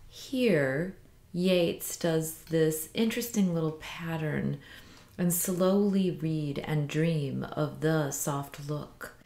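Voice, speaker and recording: A woman teaching a poetry lesson, explaining meter slowly and reading lines aloud with careful emphasis. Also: fairly low pitch, darkish tone, reverberant.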